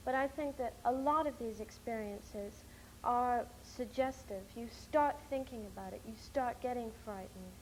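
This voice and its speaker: Young woman, lively rambling chat, bit high-pitched, faint hiss behind. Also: normal speed, hardly any pauses, rough recording. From United States. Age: young adult. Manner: animated, rambling storyteller with many fillers. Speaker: interviewee, documentary film-maker. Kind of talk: casual chat.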